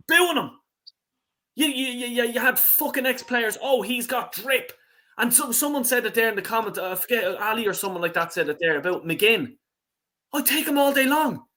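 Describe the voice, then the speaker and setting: Heated host with a bright voice. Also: male voice, high voice. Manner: heated, swearing, rambling with fillers. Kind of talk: fan panel chat on a live stream.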